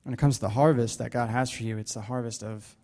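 Warm-voiced man giving a halting sermon. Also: medium pitch, fairly even intonation. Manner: halting, many restarts and fillers. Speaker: Bible study leader. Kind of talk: casual sermon.

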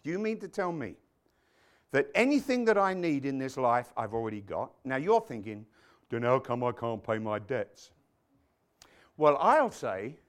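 An English man preaching a sermon in an animated way, swinging from loud exclamations to quiet prayer. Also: a little high.

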